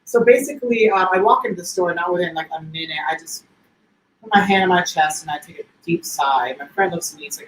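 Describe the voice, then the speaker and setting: A man's voice: high voice, fast, a bit bright. Man co-hosting, effusive storyteller, roomy echo, faint background hum. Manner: chatty, effusive, tells stories. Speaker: co-host. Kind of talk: casual livestream chat. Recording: echoey room with faint ambience.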